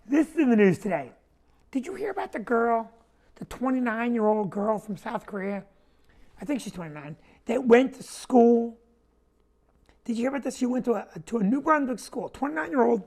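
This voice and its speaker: Ranting New comedian host. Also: male voice, very high voice, vocal fry. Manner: animated, indignant ranting with quick asides. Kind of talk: comedic talk-show rant.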